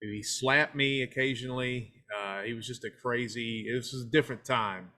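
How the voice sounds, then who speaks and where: Bright-voiced Tennessee man telling stories. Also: mid-range voice, fairly even intonation, normal speed, a little hiss or hum. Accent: East Tennessee. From United States. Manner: folksy storyteller, slips into a hyped funky DJ persona. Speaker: guest, filmmaker and pro wrestler. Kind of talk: casual podcast interview.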